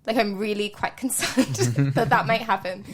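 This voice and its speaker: A woman's voice: medium pitch, lively intonation, normal speed, a loud crowd. A woman co-hosting a podcast, chatting casually and laughing often, with a lot of "like" and "um". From not from the UK. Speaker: podcast co-host. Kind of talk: casual chat.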